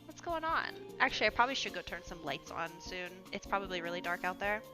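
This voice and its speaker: Over music, a woman speaks quickly in a lowish voice with big swings in pitch. She's streaming a game from home, chatting casually as she plays, laughing a lot and addressing her cat.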